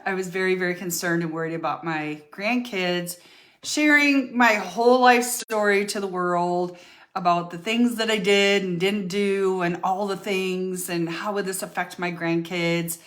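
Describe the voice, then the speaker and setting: A woman's voice: fairly low pitch, fairly bright tone. An older woman telling her own life story to her followers in a chatty, candid way, full of fillers and restarts. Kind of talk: casual storytelling to camera.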